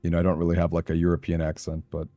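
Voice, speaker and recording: A man's voice: low-pitched, completely flat delivery, rapid-fire, warm tone, no echo, soft background music. A man with a Southern Californian accent, chatting in a rambling, casual way with his live-stream audience while he plays a game. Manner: chatty, rambling, answers chat aloud.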